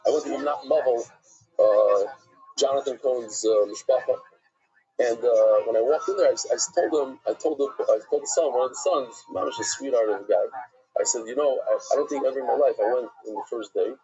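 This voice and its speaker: A middle-aged man, a rabbi, teaching a casual Talmud class in a chatty, animated way, dropping Hebrew and Yiddish words into his English. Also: mid-range voice, brisk, dull audio.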